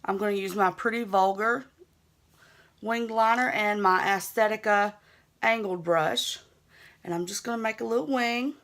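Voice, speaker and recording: A woman's voice: mid-range voice, normal speed, fairly bright tone. A young woman with a Southern US accent, chatting easygoing and self-teasing as she narrates a makeup tutorial. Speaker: beauty vlogger.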